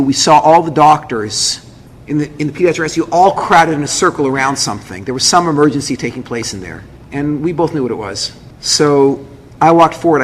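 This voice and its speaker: A man's voice: fairly high pitch, husky. A man, a rabbi, telling a personal story to an audience with lots of feeling. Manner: emotional storytelling, acts out others' lines. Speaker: rabbi and speaker. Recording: echoey hall with faint noise.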